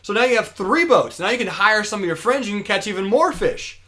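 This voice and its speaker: A man voicing an eager middle-aged businessman who excitedly pitches growth plans in a storytelling lesson. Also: fairly quick. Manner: excited, persuasive, piling up ideas. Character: eager middle-aged male businessman, pushy salesman type.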